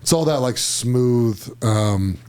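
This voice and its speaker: A man's voice: mid-range voice, lively intonation, slow pace, darkish tone, smooth. A man who is a guest on a podcast, telling stories in casual chat, laughing often and acting out other people's lines. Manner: laughs often mid-sentence.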